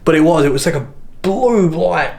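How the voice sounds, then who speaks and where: A man's voice: fairly high pitch, lively intonation, normal speed, creaky, darkish tone. Earnest man addressing spirits. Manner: polite, earnest, chatty asides. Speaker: paranormal investigator host. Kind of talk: addressing spirits during a ghost hunt. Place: old jail cell at night.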